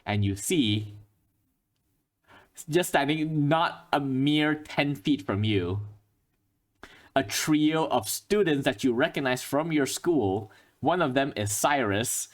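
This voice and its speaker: A man in a mid-range voice running a tabletop game as game master. He narrates fast and chatty, sliding straight into quick voices for the people in the scene. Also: mid-range voice, lively intonation.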